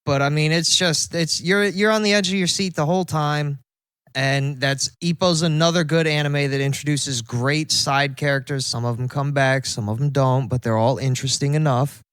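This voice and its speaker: Young male co-host, relaxed and opinionated, slightly high voice, dry close sound. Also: moderate pace, smooth, no echo. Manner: laid-back, opinionated, chiming in with corrections. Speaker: podcast co-host. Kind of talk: casual chat.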